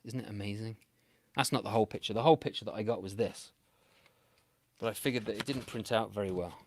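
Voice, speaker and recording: A British man making up a playful, animated children's story, with big swings between loud and soft. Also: on the low side, fast, no echo, studio quality.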